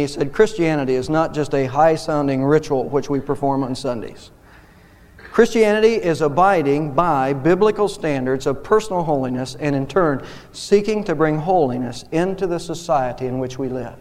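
A man's voice: high-pitched, a little mellow. A man preaching a sermon as pastor, impassioned, his voice rising on key points. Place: church sanctuary. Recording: long reverb of a church hall.

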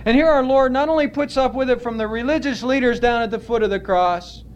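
A man preaching a sermon as pastor, earnest and emphatic, stretching out his words with pauses. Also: extremely high pitch, muffled recording, slight background noise.

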